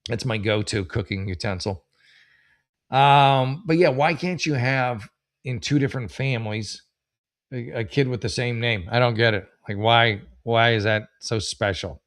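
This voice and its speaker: A man hosting a casual comedic commentary show, rambling and self-mocking, with many restarts and drawn-out punchlines. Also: mid-range voice. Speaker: host.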